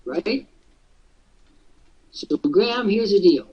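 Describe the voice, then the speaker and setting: Teasing, high-pitched husky male host. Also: expressive, normal speed, far from the mic, highs cut off. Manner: jokey, teasing, breaks into mock voices. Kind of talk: casual coaching talk.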